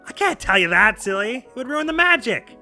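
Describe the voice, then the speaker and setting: A man voicing a gentle, teasing teenage girl in a video game, playful and coy. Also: extremely high pitch, big pitch swings, a little fast, vocal fry, faint music behind, voice pushed up, exaggerated voice.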